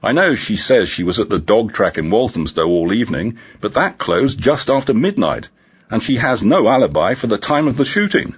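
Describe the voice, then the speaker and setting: A man's voice: lowish voice, very animated, normal speed, breathy edge, muffled recording, pitched above the performer's own voice. A man voicing an earnest, sometimes joking male police detective inspector in a crime story. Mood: reflective.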